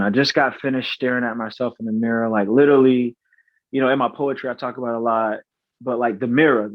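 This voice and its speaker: A man in his thirties speaks as a podcast guest, halting and earnest, circling back and restarting as he tells his story. His voice sits in the middle range. The recording is dry and slightly dull, with no room sound. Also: medium pitch, no room sound. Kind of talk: personal storytelling in interview.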